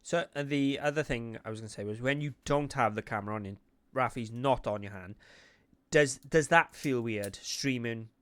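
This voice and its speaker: A man's voice: mid-range voice, normal speed, fairly bright tone, dry recording. A man with a Welsh accent hosting a casual chat, talking in a rambling, jokey way. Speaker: podcast host.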